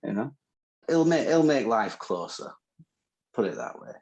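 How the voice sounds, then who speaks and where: A man's voice: mid-range voice, big pitch swings, measured pace, gravelly, a little mellow, muffled recording. A man with a northern English accent, co-hosting a podcast in casual, teasing banter. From northern England. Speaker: podcast co-host. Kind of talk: casual chat.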